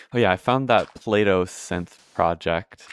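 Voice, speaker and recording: A man giving casual, rambling commentary while playing a game, swearing often and poking fun at himself. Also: mid-range voice. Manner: rambling, profane, self-deprecating. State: out of breath. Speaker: gameplay streamer.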